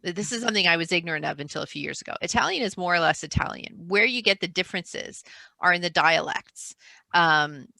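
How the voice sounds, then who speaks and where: A woman's voice: lowish voice, fast talker, creaky, bright, forceful tone, dry recording. A woman author chatting over a video call, talkative, often breaking off mid-sentence and laughing. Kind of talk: casual chat.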